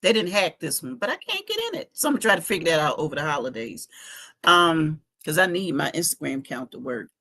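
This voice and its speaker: A woman's voice: sits low, big pitch swings, fast talker, bright, forceful tone. A middle-aged woman, chatting animatedly to viewers in a casual livestream from her home basement, speaking into a phone. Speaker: fashion week organizer giving a live update.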